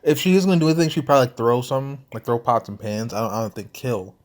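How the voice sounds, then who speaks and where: A man's voice: medium pitch, expressive, racing. A young man casually commenting on a story game, reading its text aloud in a slangy, laid-back way and sometimes talking with his mouth full. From St. Louis area, US. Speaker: gameplay commentator.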